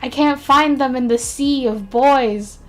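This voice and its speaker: Tired, chatty woman streamer, slow. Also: high voice. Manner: chatty, self-deprecating, mumbles while working. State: tired, yawning. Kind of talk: casual live-stream chat.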